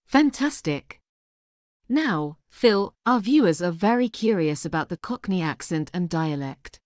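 A woman's voice: on the low side, animated, unhurried, a little mellow, dry recording, clean studio sound. Upbeat woman hosting a language lesson. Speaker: host. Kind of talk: scripted presenting.

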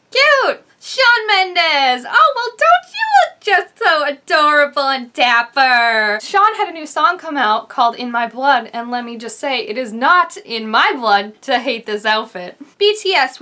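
Woman impersonating a snarky bright fashion vlogger. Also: high voice. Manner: breezy, joking running commentary. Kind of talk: comedic impression.

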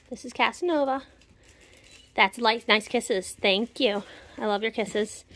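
A woman at home filming puppies on a phone, talking gently and cooing baby talk to them. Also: a little high. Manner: slow, gentle, cooing, often laughing. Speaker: puppy breeder filming her litter.

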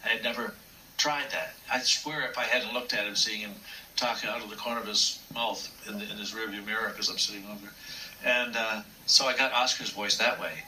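An older man recounting memories in an unhurried, anecdotal way. His voice is low and bright-edged, and he sits a little back from the mic with faint noise around him. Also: fairly even intonation, far from the mic, rough recording. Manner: warm, anecdotal, acts out quotes. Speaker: puppeteer. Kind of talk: reminiscing interview storytelling.

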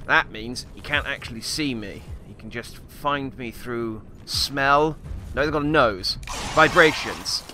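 A man giving joking gameplay commentary in a hammy, put-on Australian accent, with wry, self-mocking deadpan asides. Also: mid-range voice. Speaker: let's play commentator. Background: video game music.

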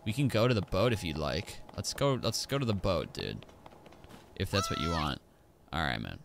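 A man streaming a video game, giving excitable, joking commentary as he plays. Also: deep voice, normal speed, creaky, noisy background. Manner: excitable, exclaims and jokes to himself. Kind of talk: live gameplay commentary.

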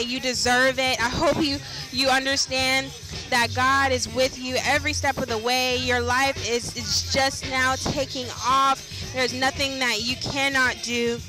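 A young woman leaving a tender, encouraging birthday message for her mother. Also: high voice. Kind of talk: heartfelt recorded birthday message. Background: party music.

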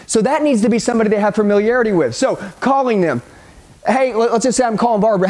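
High-voiced and quick, a middle-aged man pumps up his sales training audience. He talks directly to the listener, acts out phone calls, and keeps the energy hyped and punchy.

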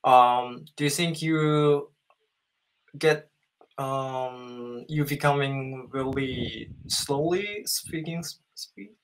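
A man's voice: mid-range voice, drawn-out words, slight background noise. A man in his thirties from Japan with a Japanese accent, practicing English in a casual chat on a video call, hesitating often and searching for words. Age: 30s. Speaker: English learner.

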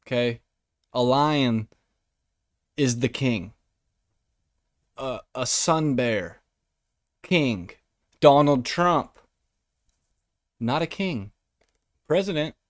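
Podcast host guy ranting and cussing, voice jumping all over, slow deliberate delivery, dry close mic. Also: mid-range voice, no echo. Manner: profane, mocking, animated. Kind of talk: comedic rant.

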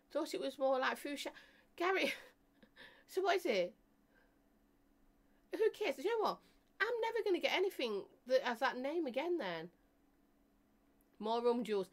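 A woman hosts a casual live stream, her voice sitting a little high. She chats loosely and laughs easily, joking with viewers as she answers their comments. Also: a bit bright. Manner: chatty, laughs often, jokes with viewers.

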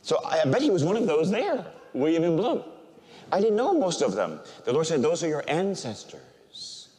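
An older man, a priest, preaching a sermon and telling an emotional personal story, swinging from loud proclamation to quiet, near-tearful speech. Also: fairly high pitch, sing-song, normal speed, long reverb tail.

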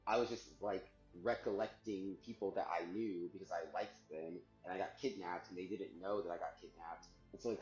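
A man's voice: on the low side, a little mellow, echoey room, lo-fi sound. A man rambling in a casual monologue, full of "like", laughing often and swearing freely. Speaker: vlogger recording himself.

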